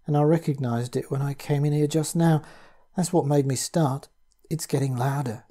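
A man reading as a jumpy family man, scared out of his wits, stumbling nervously through his words. The voice is warm and husky, with a mellow, soft tone. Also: a little high, steady tone, natural voice. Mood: terrified. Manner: nervous, halting speech. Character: frightened, jumpy middle-aged family man.

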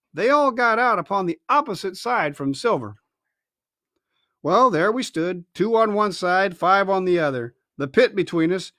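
Bright, lively man reading aloud. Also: high-pitched, dry recording, studio quality. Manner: expressive, chatty asides. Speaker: reader. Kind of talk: reading a novel aloud on a livestream. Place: family home, indoors.

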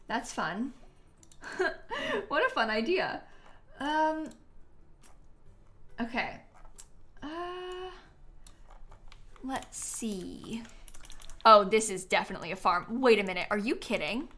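Woman, game streamer, casual live chat, bubbly, giggly, somewhat high voice. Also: expressive, slow, pauses often, a bit bright.

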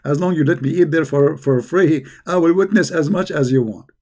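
A man's voice: on the high side, warm tone. Sarcastic man hosting a call-in show. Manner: sarcastic, teasing, halting with fillers. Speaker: host.

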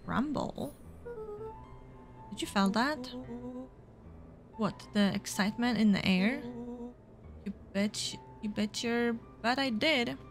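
Slow-talking woman gamer. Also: a little high, soft background music. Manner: casual, playful, with fillers. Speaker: let's play gamer. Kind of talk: reading game dialogue aloud.

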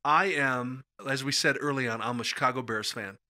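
A middle-aged man telling funny stories in a casual podcast chat, acting out the voices in them with big jumps up and down. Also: normal speed. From Midwestern United States. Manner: acts out quoted voices with big jumps in pitch and loudness. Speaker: storyteller guest. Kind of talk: animated storytelling chat. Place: podcast studio.

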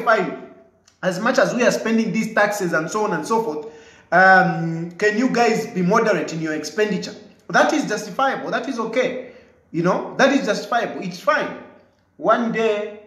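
Forceful high-voiced Zambian man. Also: roomy sound, rough recording. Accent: Zambian English. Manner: emphatic, combative, repeats his points. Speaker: commentator answering viewers' comments. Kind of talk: live commentary replying to viewer comments.

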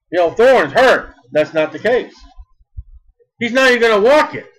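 A man preaching a sermon in an emphatic style, repeating words and swinging between loud bursts and soft asides. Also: high voice, lively intonation, normal speed, poor audio.

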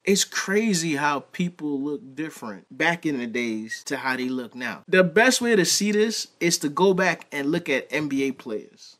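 A man's voice: fairly high pitch, lively intonation, normal speed, few pauses, fairly bright tone. A man with a New York accent giving blunt, roasting reaction commentary. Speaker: commentary host.

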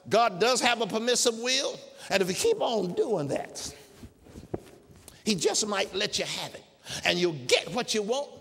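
A man preaching a sermon in a church, emphatic and climbing to shouted peaks. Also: sits high, husky, big-room sound. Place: church sanctuary.

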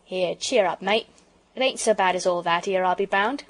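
A woman voicing a gruff but kindly working-class engine driver in a storybook reading, blunt and hearty, dropping her aitches. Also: on the low side, normal speed, close to an everyday voice. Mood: cheering.

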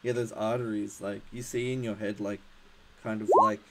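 A man's voice: fairly low pitch, level tone, normal speed, a bit bright, a little hiss or hum, poor audio. A man narrating as game master for a tabletop game, hesitant and full of fillers and restarts.

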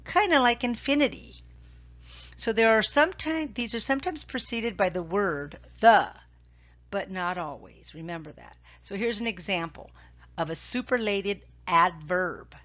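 A woman teacher goes through grammar slides in a recorded lesson, speaking slowly and patiently and repeating key points with "okay?" to check in. Her voice is medium in pitch with a fairly bright tone, and the recording sounds muffled.

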